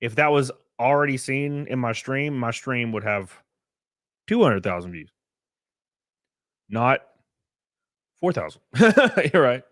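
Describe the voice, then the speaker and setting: A man's voice: medium pitch, animated, takes it slowly, long pauses, fairly bright tone, dry recording, studio quality. A young man, chatting live on a stream and reading viewer comments in a blunt, profane, rambling way full of fillers. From American South.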